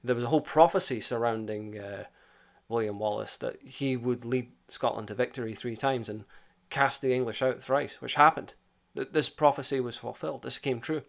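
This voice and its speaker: A man talking history off the cuff, animated and blunt, with plenty of swearing. He keeps leaning on "you know" as he builds his points. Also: mid-range voice, normal speed, gravelly. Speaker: history channel host. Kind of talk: casual unscripted monologue.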